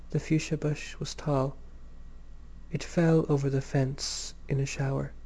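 A man narrating a story in a measured, gentle reading. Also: mid-range voice, little pitch movement. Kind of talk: scripted audiobook narration.

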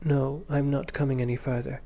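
A man reading a storybook, voicing a hesitant young woman who answers quietly and nervously. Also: mid-range voice, flat delivery, a little fast, gravelly, natural voice. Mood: nervous refusal. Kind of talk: audiobook character voice.

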